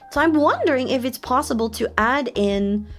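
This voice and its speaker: A young woman streams and chats casually, her voice sitting a little high. She is excitable and breaks into giggles often. Soft music plays faintly underneath. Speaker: VTuber streamer. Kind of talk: casual live-stream chat. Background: faint background music.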